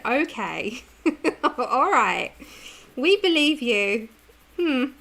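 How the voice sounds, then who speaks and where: Woman streamer with a british accent, chatty and laughing a lot, kinda high voice with gravel in it. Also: a bit bright. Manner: chatty, laughs often, answers viewer comments. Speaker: livestream host. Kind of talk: casual chat while colouring live.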